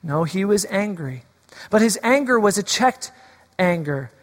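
A man's voice: high voice, animated, measured pace. A man preaching a sermon as a pastor, playful and teasing at first, then earnest. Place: church sanctuary. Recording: long hall reverb.

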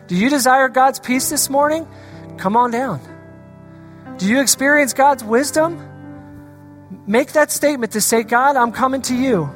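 A woman pastor giving an earnest, pleading altar call in a sermon and reading scripture slowly. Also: high-pitched, soft background music.

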